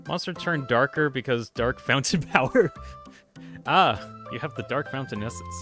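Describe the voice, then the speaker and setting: A man's voice: mid-range voice, animated, moderate pace, music in the background. A man streaming a video game, chatting casually and rambling as he reacts to his chat. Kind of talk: casual gameplay commentary.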